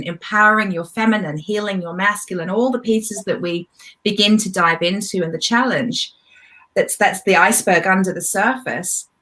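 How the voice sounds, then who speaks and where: A woman host speaks emphatically as a coach, and her energy rises as she presses her points. She sounds like she is on a video call. Her voice sits at a middle pitch. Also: a bit bright. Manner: enthusiastic and emotional, emphatic. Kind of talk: casual conversation.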